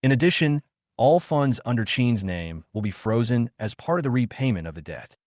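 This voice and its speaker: A man's voice: medium pitch, expressive, moderate pace, darkish tone, dry recording, clean studio sound, close to an everyday voice. A man voicing a cold, businesslike woman executive who speaks in a curt, formal, matter-of-fact way in a story recap.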